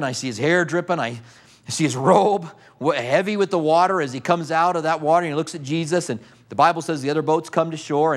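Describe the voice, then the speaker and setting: A man preaching a sermon, retelling a story vividly and asking his listeners questions. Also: on the high side.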